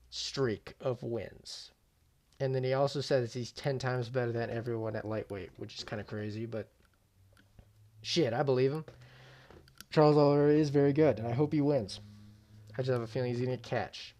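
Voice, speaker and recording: A man's voice: mid-range voice, darkish tone. A young man giving casual, slangy reaction commentary, swearing freely and often trailing off mid-thought. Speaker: YouTube MMA commentator.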